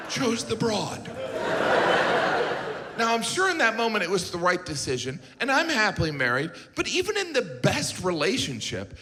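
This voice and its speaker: Deadpan stand-up comic man, lively pitch. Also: breathy edge. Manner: deadpan, mocking asides in put-on voices. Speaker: stand-up comedian. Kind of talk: stand-up comedy routine. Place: large theater stage before a live audience. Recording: live hall reverb with audience noise. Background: audience laughter.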